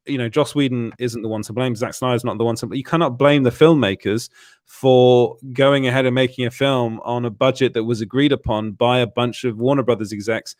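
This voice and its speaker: A man's voice: medium pitch, no echo, clean studio sound. A man hosting a casual live-stream chat, often repeating words as he restarts his sentences. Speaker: show host.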